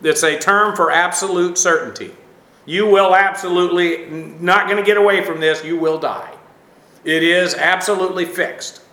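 A man teaching a Bible lesson, halting often with fillers and dry asides. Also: sits high, fairly even intonation, pushed and bright, reverberant.

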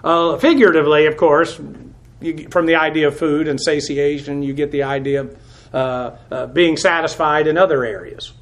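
A man's voice: on the high side, steady tone, normal speed, fairly bright tone. A man teaching a Bible study, methodically explaining and spelling out Greek words with frequent hesitations. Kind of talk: verse-by-verse Greek word study.

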